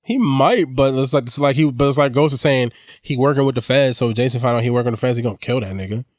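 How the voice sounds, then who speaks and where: Podcast guy recapping a show, chill and cussing, normal pitch, dry close sound. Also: fast, no echo. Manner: relaxed, slangy storytelling, swears freely. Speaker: podcast co-host. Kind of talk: casual chat recapping a TV show.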